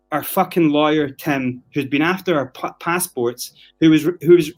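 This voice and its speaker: A man from Scotland telling a story on a casual podcast, swearing freely and acting out the things people said to him. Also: fairly high pitch. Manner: animated, profane, acts out quotes. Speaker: guest storyteller.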